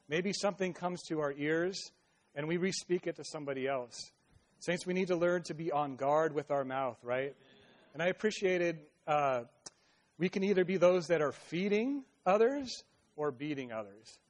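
A man with a slightly raised voice is preaching a sermon. He reads scripture slowly and comments in an earnest, exhorting way. His talk is full of small restarts and tag questions. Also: a little high.

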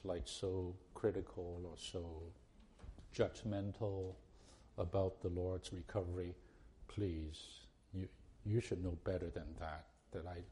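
Man preaching a sermon, low warm voice, earnest, keeps restarting then hits his point hard. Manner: earnest, repetitive restarts, rising to emphatic pleas.

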